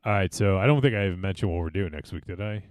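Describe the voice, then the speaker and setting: A man's voice: low-pitched, rapid-fire, no echo. A man hosting a podcast, bantering casually with plenty of swearing and laughter. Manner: animated, swearing, laughs often. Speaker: podcast host.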